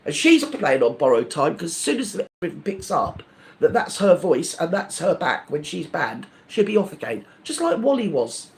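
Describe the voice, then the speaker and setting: Man, live-stream host, rambling indignant rant, high voice, very lively pitch. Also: normal speed, vocal fry. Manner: indignant, gossipy, rambling with many restarts.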